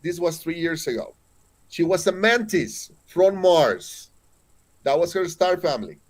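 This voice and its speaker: A man's voice: a little high, animated, measured pace. A man in his forties from Mexico with a Mexican accent, telling spiritual stories as a guest in an earnest, emphatic way, often restarting his phrases. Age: 40s.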